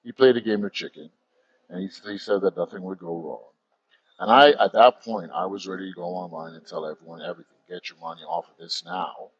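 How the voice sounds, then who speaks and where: A man's voice: deep voice, brisk, dry recording, lo-fi sound. A man, talking bluntly and heatedly as an interview guest and swearing freely. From United States. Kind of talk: candid interview talk.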